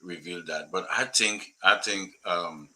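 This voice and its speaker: A man on a political talk stream, speaking haltingly with many fillers. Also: low voice, pushed and bright, rough recording.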